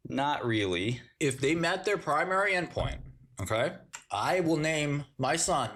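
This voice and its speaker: A man's voice: mid-range voice, big pitch swings, normal speed, a bit bright. Sarcastic man riffing on a livestream. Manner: sarcastic, mocking riffs with bursts of laughter. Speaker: livestream host. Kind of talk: casual livestream chat.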